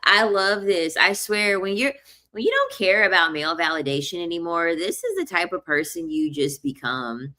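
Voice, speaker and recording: Young woman vlogger, lower-pitched but bright, animated and chatty. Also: moderate pace. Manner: animated, repeats herself, laughs often. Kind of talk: casual storytelling monologue.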